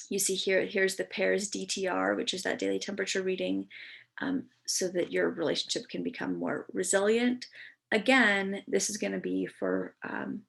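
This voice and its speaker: Woman, instructor, recorded lecture, chatty, lots of ums, gravelly fry. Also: medium pitch, a bit bright. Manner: chatty, many ums and restarts.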